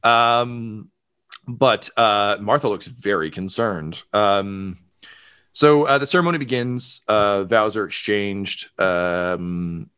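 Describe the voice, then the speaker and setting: Relaxed low-voiced man running a game. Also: slow, clear, resonant tone. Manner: casual, filler-heavy, laughing. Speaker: game master. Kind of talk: narrating a tabletop game.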